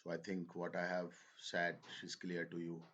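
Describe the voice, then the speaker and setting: A male teacher with a lowish voice speaks to his class. He talks slowly, halts and repeats phrases as he explains. He slips into now and then. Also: completely flat delivery, a bit bright, breathy edge, highs cut off. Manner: slow, halting, repeats phrases, switches into Hindi. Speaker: English teacher. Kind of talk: slow spoken lesson.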